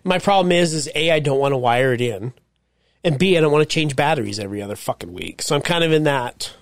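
A man's voice: fairly high pitch, animated, fast talker, no echo, studio quality. A man co-hosting a podcast in a casual chat, wry and swearing often as he gripes. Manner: wry, swearing, laughs at stories. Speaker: podcast co-host.

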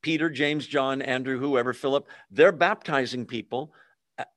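A man teaching a sermon in a conversational, animated way, asking listeners questions and acting out quoted voices. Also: medium pitch, moderate pace, no room sound. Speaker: pastor.

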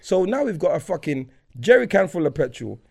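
Animated man telling a story. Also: sits high, a little fast, vocal fry. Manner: animated storyteller acting out both sides, laughing and swearing. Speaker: podcast co-host. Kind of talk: casual chat, storytelling.

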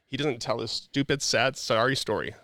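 A man telling personal stories in a casual, animated way, acting out dialogue and using lots of fillers. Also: medium pitch, normal speed, no echo, clean studio sound. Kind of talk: casual storytelling.

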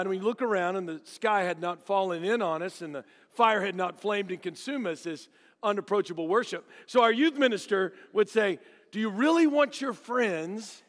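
Animated middle-aged preacher, reverberant hall. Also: male voice, sits high. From Dallas, Texas. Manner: joking, animated storytelling with acted-out voices. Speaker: guest preacher. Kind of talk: storytelling sermon. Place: church sanctuary.

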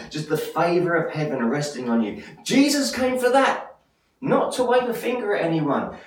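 A man preaching a sermon as pastor of his church, passionate and building to loud emphatic peaks. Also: on the high side. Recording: echoey church hall, mic at a distance.

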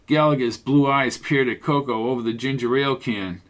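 A man narrating a mystery radio drama in a steady storytelling manner and voicing the detective. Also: mid-range voice, normal speed, hardly any pauses.

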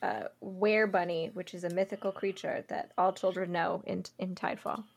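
A woman's voice: lowish voice, steady tone, moderate pace, gravelly. A woman playing a tabletop game, talking in a playful, hesitant way. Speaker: player. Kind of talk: casual chat at a tabletop game.

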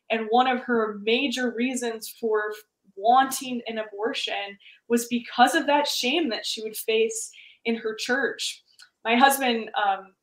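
A woman hosting an interview, making her points in a clear, steady and persuasive way. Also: a little high. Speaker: interview host. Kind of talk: conversational interview. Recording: roomy echo.

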